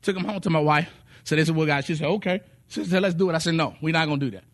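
A slightly high-voiced man races through a sermon, recounting testimonies in an animated way. He performs the quotes and sings a few of the phrases.

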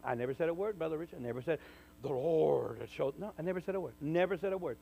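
A man, a minister, telling a personal testimony in conversation, full of restarts and sudden loud bursts. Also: a little high, rapid-fire, vocal fry, poor audio. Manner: animated storyteller, stammering restarts, bursts loud when quoting. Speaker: minister, guest.

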